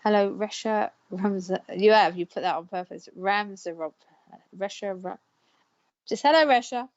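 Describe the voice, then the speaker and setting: A woman's voice: mid-range voice, fairly even intonation, moderate pace, muffled recording. A woman hosting a live psychic counselling show, chatting casually, laughing often and stumbling over names. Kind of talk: casual live-stream chat.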